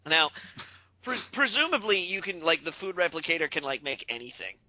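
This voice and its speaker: A man's voice: a little high, very animated, a little fast, no echo, lo-fi sound. A man co-hosting a casual video game podcast, rambling with many fillers and joking rants. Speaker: podcast co-host. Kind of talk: casual chat about video games.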